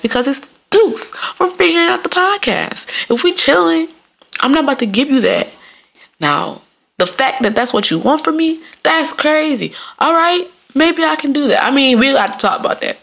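A young adult woman hosting a podcast alone, talking in a casual, animated and profane way and laughing often. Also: a little high, normal speed, vocal fry. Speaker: podcast host. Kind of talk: casual solo podcast monologue.

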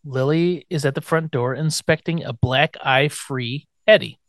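A man's voice: on the high side, a little slow, dry recording. Man, podcast host, casual, quote-acting, dry sound. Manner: laughs often, acts out quotes. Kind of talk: casual chat recapping an episode.

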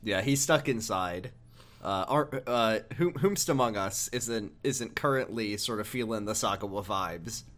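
A man's voice: on the low side, a little slow, a bit bright. A man co-hosting a casual podcast, joking and laughing often, with plenty of fillers. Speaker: podcast co-host.

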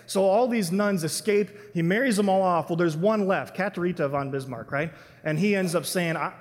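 A man's voice: sits high, normal speed, big-room sound. A man giving an enthusiastic, chatty sermon as a pastor, with frequent restarts. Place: church sanctuary.

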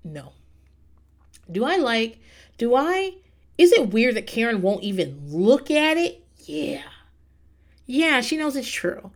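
A woman's voice: on the high side, very animated, takes it slowly, pauses often. Chatty, blunt woman recapping a show. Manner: chatty, blunt, swears freely, laughs often. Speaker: reality TV recapper. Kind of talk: casual recap monologue.

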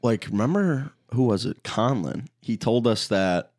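A man bantering in casual chat, tossing in quick jokes and quips. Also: mid-range voice, animated, darkish tone, no room sound, studio quality.

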